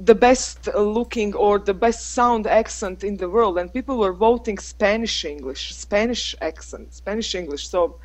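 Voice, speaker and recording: Woman with a croatian accent, english teacher on a video chat, lots of pauses and restarts, mid-pitched voice. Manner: hesitant, many pauses and restarts, laughs softly. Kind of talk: casual video-call discussion.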